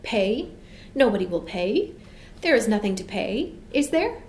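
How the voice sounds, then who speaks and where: A woman's voice: mid-range voice, very animated, a little slow, a little mellow. A woman reading aloud plays a wide-eyed, delighted young woman from the sky, eager and breathless in a storybook. The voice rings in a roomy space with a faint hum behind it. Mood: surprised.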